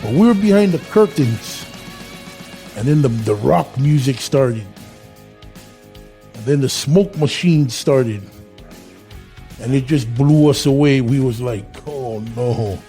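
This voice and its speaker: Dark-voiced ex-fighter telling a story. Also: male voice, medium pitch, slow pace, pauses often, soft background music. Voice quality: loose, colloquial, acts out dialogue. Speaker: former fighter, interviewee. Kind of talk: casual storytelling.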